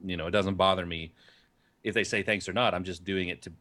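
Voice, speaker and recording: A man's voice: deep voice, steady tone, fairly quick, bright, forceful tone. A man co-hosting a podcast, chatting in an easygoing, rambling way with many fillers. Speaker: podcast co-host. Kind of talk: casual chat.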